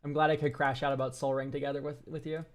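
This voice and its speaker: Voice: mid-range voice, level tone, fast talker. A streamer who reviews viewer decks, talking casually to chat, ranting and swearing freely.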